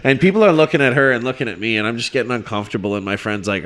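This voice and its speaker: A man on a podcast telling a story to friends in a casual, animated way, swearing freely and acting out the people he quotes. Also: mid-range voice, very fast, hardly any pauses. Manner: animated, swearing, shouts when quoting people.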